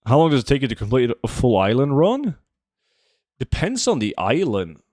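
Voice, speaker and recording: A young man chats his way through a game stream, reading out questions from chat and answering them off the cuff. His voice sits at an ordinary pitch, and the sound is close and dry, with no room around it. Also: wildly swooping pitch, moderate pace, darkish tone, dry recording. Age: 20s. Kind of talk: casual live-stream chat while gaming.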